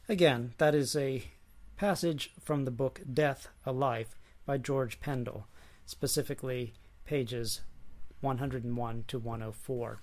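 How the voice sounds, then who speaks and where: A man lecturing and reading a book passage aloud in a measured, dry way. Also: mid-range voice, steady tone.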